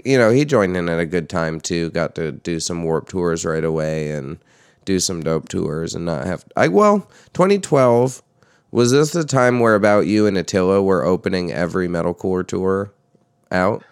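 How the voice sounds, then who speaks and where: Deep gravelly-voiced man chatting casually. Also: moderate pace, no room sound, clean studio sound. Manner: animated, swears casually, pitch jumps when quoting himself. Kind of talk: casual chat.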